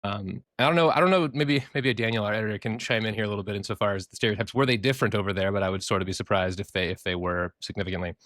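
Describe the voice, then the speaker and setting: A man's voice: lowish voice, steady tone, very fast, few pauses, a bit bright, no room sound, clean studio sound. A man co-hosting a podcast, explaining things in a rambling, jokey way with some swearing. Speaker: podcast co-host. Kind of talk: casual chat, explaining.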